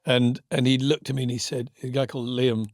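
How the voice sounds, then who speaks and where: A middle-aged man co-hosting a podcast, a former TV commissioner telling anecdotes in a relaxed, reflective casual chat. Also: mid-range voice, brisk, dry recording, clean studio sound.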